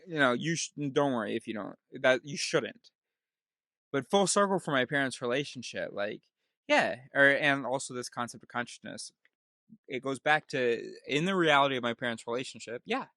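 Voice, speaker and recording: A man's voice: mid-range voice, sharp tone, no echo. A man in a casual monologue, rambling and interrupting himself with many restarts. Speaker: vlogger.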